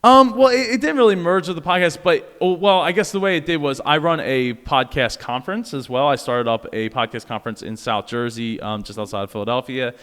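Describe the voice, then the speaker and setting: A man's voice: a little high, brisk, few pauses, a bit bright, clean tone, big-room sound. A man, a podcaster, talking as a guest in a casual interview, rambling with lots of fillers and restarts.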